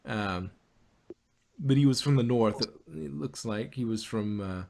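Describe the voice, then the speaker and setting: A man's voice: mid-range voice, unhurried, gravelly, a little mellow. Rambling man in casual chat. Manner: rambling, many restarts and fillers, laughs often. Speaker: podcast co-host.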